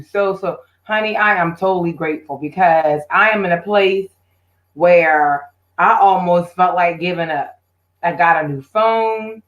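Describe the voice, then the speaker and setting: A woman's voice: on the low side, dull audio. A woman hosting her own live stream, chatting casually and directly with her viewers. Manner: chatty, talks straight to viewers.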